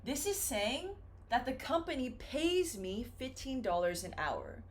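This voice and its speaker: A woman teaching English, explaining patiently with simple examples in a slow, careful lesson. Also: high-pitched, very animated, a little hiss or hum.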